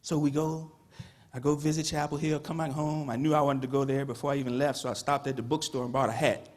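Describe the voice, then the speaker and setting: A man's voice: medium pitch, little pitch movement, fast, a little mellow. A man from Petersburg, Virginia, giving a conversational Hall of Fame induction speech full of "you know". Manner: conversational storytelling with many "you know" fillers. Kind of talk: induction ceremony speech, storytelling. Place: ceremony hall, speaking to an audience.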